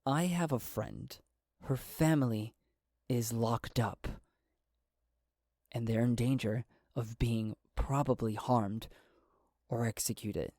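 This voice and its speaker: A man playing a calm, diplomatic rebel negotiator. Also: mid-range voice, no room sound, clean studio sound. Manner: measured, diplomatic.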